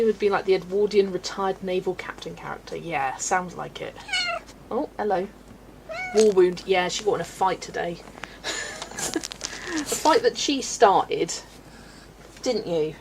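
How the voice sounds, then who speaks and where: A woman's voice: medium pitch, animated, a little slow, long pauses, background noise. A woman from the UK streaming live at home, chatty and giggly, reading viewer comments aloud as she chats. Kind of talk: casual live-stream chat.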